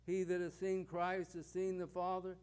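A man's voice: sits high, monotone, normal speed, a little mellow, clear, resonant tone. A man preaching a sermon, building points with rhetorical questions and repeated parallel phrases.

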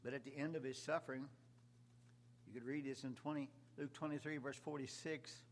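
A man preaching a sermon, shifting from soft, quiet lines to loud, rising cries. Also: mid-range voice, fairly even intonation, fairly quick, slight background noise. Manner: preaching with sudden loud swells and soft drops.

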